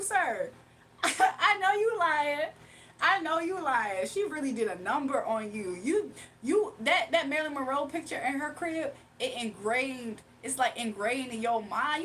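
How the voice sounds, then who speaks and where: A woman's voice: high-pitched, lively intonation, normal speed, a bit bright, a little hiss or hum. A woman from Virginia hosting a live stream, chatting casually, reading viewer comments, and teasing them playfully with frequent laughter. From Virginia, USA. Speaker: livestream host.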